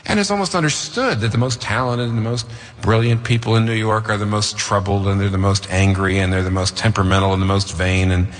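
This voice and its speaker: A man's voice: fairly low pitch, steady tone, fast, big-room sound. A man preaching a sermon, emphatic and rhetorical, repeating phrases for effect. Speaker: pastor.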